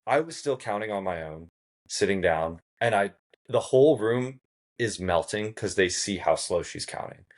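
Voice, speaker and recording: A man who is a podcast guest, telling a story in a casual, animated way, swearing freely and acting out what others said. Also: on the low side, normal speed. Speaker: podcast guest, game show contestant.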